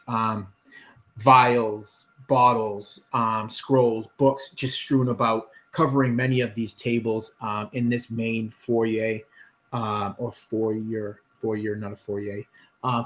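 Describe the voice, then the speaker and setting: A man narrating as dungeon master in a tabletop game, rambling with many restarts and filler words. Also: medium pitch.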